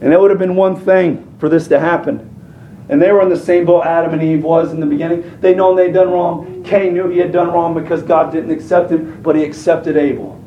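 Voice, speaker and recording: A man's voice: fairly high pitch, steady tone, fairly quick, roomy sound, recorded from a distance, highs cut off, slight background noise. A man preaching a sermon in a folksy, colloquial manner, throwing rhetorical questions at his congregation. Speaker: pastor.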